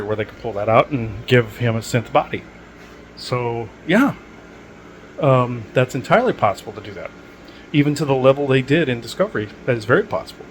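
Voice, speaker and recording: Rambling man, mid-pitched, full of fillers. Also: slight background noise, low-quality recording. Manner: digressive, many filler words and restarts. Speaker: podcast host. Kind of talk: rambling casual monologue.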